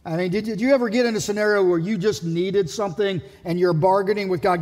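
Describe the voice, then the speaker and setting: A man preaching a sermon as pastor, animated and acting out the people he quotes. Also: high-pitched, fast talker, few pauses, in a large hall. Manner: animated, acts out quoted voices. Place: church sanctuary.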